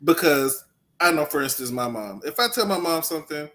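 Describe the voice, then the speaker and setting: A man co-hosting a casual chat show, reasoning through his points in a relaxed, conversational way. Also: on the high side, brisk. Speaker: co-host.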